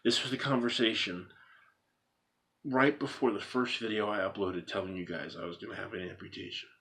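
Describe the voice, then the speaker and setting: This vlogger speaks straight to his viewers in an earnest monologue, repeating himself emphatically and using rhetorical questions to drive the point home. His voice is lowish and fairly bright, his pace brisk, and his intonation fairly even.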